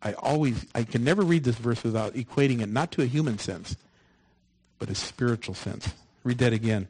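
A man preaching a sermon, moving from loud, emphatic lines to soft, hushed ones. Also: mid-range voice, brisk, slightly rough, rough recording.

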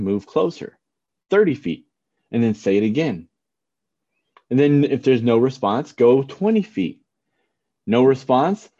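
Middle-aged male pastor, relaxed storytelling preacher, warm dark tone. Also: medium pitch. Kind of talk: sermon. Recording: dull lo-fi sound.

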